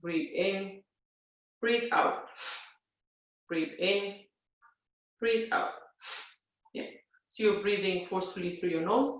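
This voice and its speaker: A woman yoga teacher leads a breathing practice at an easy, instructive pace, checking in with a soft "yeah?" between steps. She stands back from the mic, and her voice rings through a very echoey room. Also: lowish voice, distant mic. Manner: gentle instructive, frequent "yeah?" check-ins and fillers. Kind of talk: live guided yoga class. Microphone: device set back from the speaker.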